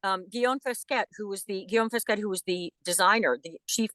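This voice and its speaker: A woman voice actress chats as an interview guest in an animated, enthusiastic way, often restarting her sentences. Her voice sits at a middle pitch. The recording is dry, with no room echo. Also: a little fast. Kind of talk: casual interview chat.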